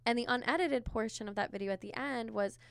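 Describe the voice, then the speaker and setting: A woman's voice: fairly high pitch, fast talker, vocal fry, clean tone, no room sound. A woman therapist co-hosting a podcast, chatting casually and filling her talk with "like" and "you know.". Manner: conversational, many filler words.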